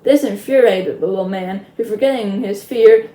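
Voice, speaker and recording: A woman's voice: medium pitch, normal speed, few pauses. Woman reading a storybook aloud, echoey. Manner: lively read-aloud with chatty asides. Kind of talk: reading a chapter book aloud. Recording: roomy echo.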